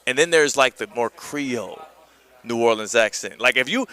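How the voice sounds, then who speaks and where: A man from Houston, hosting a live sports radio show from a golf tournament and switching between lively storytelling and smooth promo reads. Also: medium pitch, normal speed. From Houston, Texas. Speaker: radio host.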